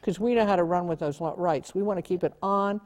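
A woman theater producer on a discussion panel, telling a lively anecdote. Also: lowish voice, fast talker, big-room sound, low-quality recording.

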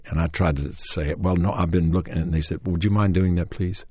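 A man's voice: low voice, fairly even intonation, a little fast, hardly any pauses, warm tone, slightly rough, dry recording. An older man with a Tennessee accent telling a long, rambling story about his early acting days, full of restarts and chuckles, who acts out quoted lines in a livelier voice. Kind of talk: anecdotal storytelling interview.

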